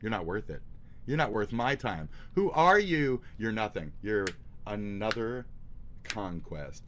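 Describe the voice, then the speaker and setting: A male streamer with a fairly low voice that leaps around in pitch, mocking and swearing through his live reaction commentary. He is excitable and talks off the cuff. A faint hum of noise sits under him. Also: unhurried.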